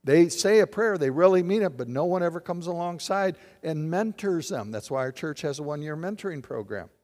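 A man's voice: a little high, expressive, a little fast, a little mellow. A man preaching a sermon as a pastor, putting questions to the congregation and answering them. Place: church sanctuary. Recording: long hall reverb.

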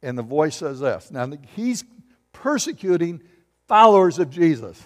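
A middle-aged male pastor preaching a sermon, telling stories and swinging between loud bursts and hushed asides. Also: fairly high pitch, big pitch swings, measured pace. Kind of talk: sermon with storytelling. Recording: long hall reverb.

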